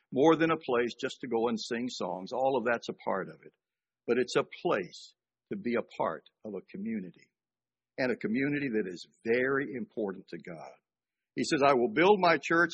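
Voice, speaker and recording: An older man from Georgia preaching a sermon, speaking conversationally with dramatic pauses and rising emphasis. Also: medium pitch, fairly bright tone, husky. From Georgia, USA. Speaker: pastor.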